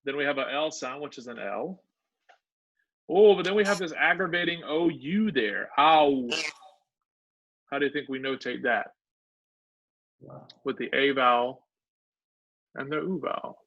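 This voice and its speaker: A man's voice: mid-range voice, moderate pace, long pauses. A male instructor teaching a live online class, sounding out words syllable by syllable. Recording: dull lo-fi online call audio.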